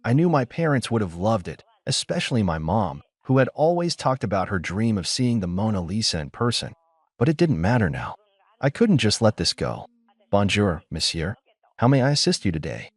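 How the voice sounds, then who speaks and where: A man narrating a first-person story in a steady, measured way. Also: fairly low pitch, husky, no room sound.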